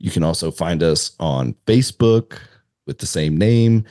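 A man guesting on a casual adult podcast, talking in an easygoing, halting way with lots of fillers. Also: deep voice, lively intonation, mellow, no echo, clean studio sound.

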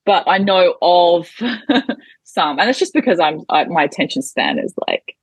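Giggly Australian woman, low husky voice. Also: animated, measured pace, no echo. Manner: chatty, giggly, self-deprecating. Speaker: podcast guest. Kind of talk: casual interview chat.

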